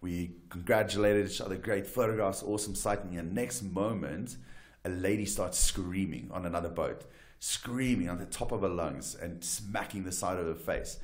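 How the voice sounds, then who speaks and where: A deep-voiced man from South Africa recounts wild adventures as a talk show guest. He talks in a casual, animated way, often restarting sentences and checking in with "right?". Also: moderate pace. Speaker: wildlife guide and photographer, guest. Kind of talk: casual storytelling interview.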